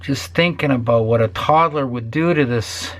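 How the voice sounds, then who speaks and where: This is a ranting, profanity-laced vlog from an older man who builds guitars, occasionally whispering as he addresses his viewers. He talks at normal speed in a mid-range voice.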